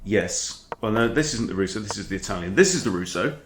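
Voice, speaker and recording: A man, a chess coach talking through his own game in a chatty, animated way. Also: lowish voice, fairly quick, a little hiss or hum. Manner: chatty, animated, breaks off to scold his dog. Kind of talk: casual game commentary. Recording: echoey room.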